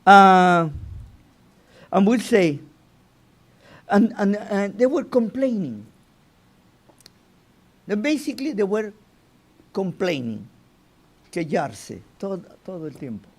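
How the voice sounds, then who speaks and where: A man teaching an informal Torah lesson as a rabbi, halting and restarting his phrases and often asking "you know?". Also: sits high, very animated.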